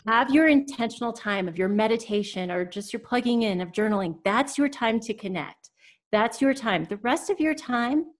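A woman from Colorado co-hosting a casual talk, earnest and encouraging, swearing now and then. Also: mid-range voice. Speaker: podcast co-host, tarot teacher. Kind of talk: casual chat.

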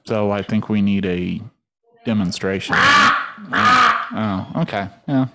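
A man's voice: lowish voice, big pitch swings, slow, vocal fry, very noisy. A man bantering on a podcast, playful and joking.

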